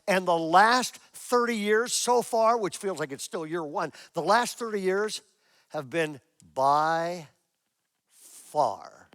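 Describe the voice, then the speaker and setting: A man's voice: sits high, a bit bright, no room sound, clean studio sound. A man in his sixties, a pastor preaching a sermon to a church congregation, telling a story with animation and acting out his own prayers. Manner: asks the congregation questions.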